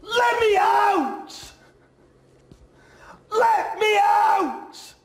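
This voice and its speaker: A man performing a stage role as a young disabled boy, shouting and pleading to be let in. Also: very high-pitched, animated, very slow, creaky, reverberant, slight background noise, voice pushed up, heavily acted. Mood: desperate.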